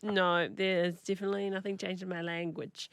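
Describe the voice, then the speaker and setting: A woman's voice: medium pitch, little pitch movement, fast, smooth, no echo. A tired woman with a New Zealand accent, co-hosting a radio show and playfully whining in casual banter. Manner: whiny, playful. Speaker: radio host.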